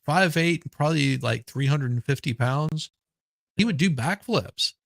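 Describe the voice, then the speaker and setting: A man's voice: a little high, expressive, a little slow, creaky, dry recording. A man hosting a casual chat, telling an anecdote in an easygoing way with restarts.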